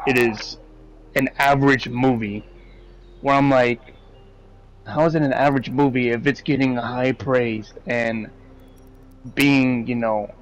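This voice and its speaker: Male host, casual review chat, rambling and profane, mid-pitched voice. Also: low-quality recording. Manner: rambling, swears freely, animated opinions.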